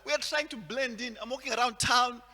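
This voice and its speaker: A man from Zimbabwe performing a stand-up comedy set, telling stories and acting out the people in them with big jumps in loudness. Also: very high voice, fairly quick, noisy background. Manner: animated storytelling, acts out characters with big swings in loudness. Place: large hall at a virtual event. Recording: long hall reverb.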